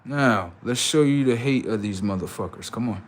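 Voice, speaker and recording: A man's voice: fairly low pitch, normal speed, slight background noise. A man hosting a livestream, ranting in a profane, mocking and repetitive way while reacting to videos. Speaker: livestream host.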